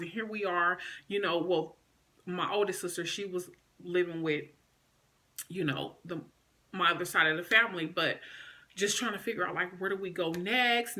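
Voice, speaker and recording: An adult woman recounting a personal story to her viewers, with a bright, forceful tone. She speaks conversationally and with emotion, leaning on fillers as she goes. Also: medium pitch. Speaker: vlogger.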